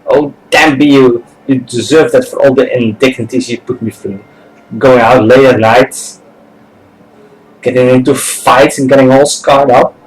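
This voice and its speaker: A man's voice: medium pitch, fairly even intonation, unhurried, lightly acted, low-quality recording. A man voicing a meek, timid young woman nanny in a game, reading her lines with an apologetic manner. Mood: mock-scolding. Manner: meek and apologetic, then mock-scolding. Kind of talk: reading game dialogue aloud.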